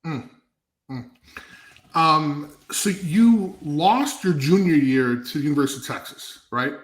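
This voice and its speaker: Man hosting a podcast, bit high voice, lots of mm and right, echoey room. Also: lively intonation, measured pace. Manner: asks questions, frequent short affirmations. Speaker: podcast host. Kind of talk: casual interview.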